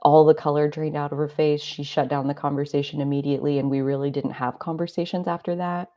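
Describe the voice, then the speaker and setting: Low, mellow-voiced woman sharing stories. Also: little pitch movement, fast talker. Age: 30s. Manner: rambling, confessional, many "like" fillers. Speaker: astrology live stream host. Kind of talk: reflective personal storytelling. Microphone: live stream mic.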